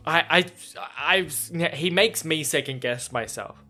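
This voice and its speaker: A man who reads a novel aloud and reacts to it in a chatty, excitable way. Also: a little high, unhurried, faint music behind. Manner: excitable, chatty, laughs often. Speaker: book reaction vlogger. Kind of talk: casual reading and reaction.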